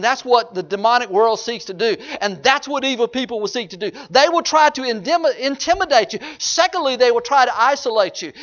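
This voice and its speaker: A man preaching a sermon, swinging from hushed low asides to loud, high-pitched exhortation. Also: dull audio. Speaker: pastor.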